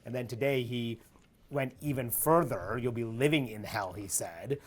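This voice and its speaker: A man's voice: mid-range voice, normal speed. A male news anchor in a broadcast interview, quoting statements and pressing his guest with questions.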